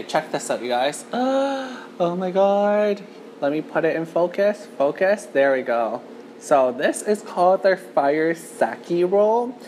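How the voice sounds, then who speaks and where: A woman's voice: very deep voice, a little mellow, a little hiss or hum. Chatty woman hosting a restaurant mukbang. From Canada. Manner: chatty, lots of "like" fillers, frequent moans while eating. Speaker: mukbang host. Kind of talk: chatty eating-show vlog. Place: empty restaurant.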